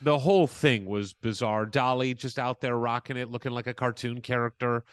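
A man's voice: mid-range voice, moderate pace, smooth, no room sound, studio quality. A man co-hosting a podcast, telling a story in casual chat and acting out the voices he quotes. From Southern California. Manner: animated, acts out quoted voices. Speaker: podcast co-host.

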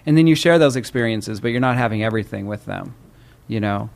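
A man in his late thirties from the American Midwest, chatting casually and upbeat, quick to laugh. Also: fairly low pitch, creaky. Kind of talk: casual chat.

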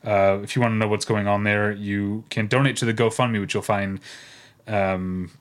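A man's voice: on the low side, level tone, moderate pace. A man in his thirties co-hosting a podcast in casual chat, rambling a little with fillers as he runs through a segment. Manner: chatty, rambling with fillers, breaks into brief off-key singing. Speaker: podcast co-host.

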